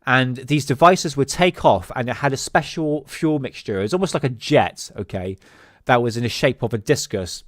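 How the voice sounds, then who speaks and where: A man's voice: mid-range voice, normal speed, no echo. Rambling man, dry close mic. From England. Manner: rambling, with many fillers and restarts. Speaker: host. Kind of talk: casual solo video talk.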